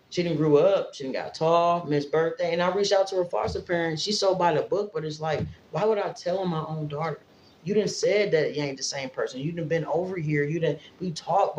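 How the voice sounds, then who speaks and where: A woman's voice: sits low, darkish tone, lo-fi sound, a little hiss or hum. Emotional, rambling woman vlogger, roomy sound. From Fort Wayne, Indiana, US. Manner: rambling, emotional, direct address to viewers. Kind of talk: casual livestream-style vlog talk.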